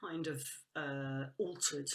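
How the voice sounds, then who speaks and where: Speaking slowly in a low, steady voice, a female guest chats casually about trees and woodland work. She rambles with enthusiasm, frequently restarting and breaking into laughter.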